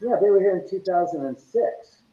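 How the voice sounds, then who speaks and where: A man telling stories as a guest on an interview show, animated and often laughing as he acts out what others said. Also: high-pitched, brisk. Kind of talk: casual storytelling interview. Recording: echoey, dull lo-fi sound.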